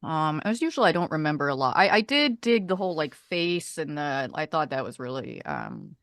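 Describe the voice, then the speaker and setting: Low-voiced woman, dry close sound. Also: wildly swooping pitch, normal speed, fairly bright tone, no room sound. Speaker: player. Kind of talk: casual podcast chat.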